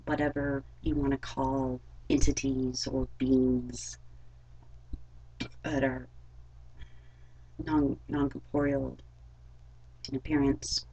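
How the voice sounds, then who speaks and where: A young adult woman telling a personal story in a vlog, halting and rambling with many fillers. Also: very deep voice, little pitch movement, dark tone, husky, muffled recording. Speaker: vlogger.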